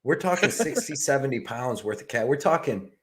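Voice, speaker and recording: A man with a picked-up Southern US accent, co-hosting a casual live stream and telling animated stories full of "like" and "man". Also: medium pitch, brisk. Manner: animated, storytelling, lots of "like" and "man". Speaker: co-host.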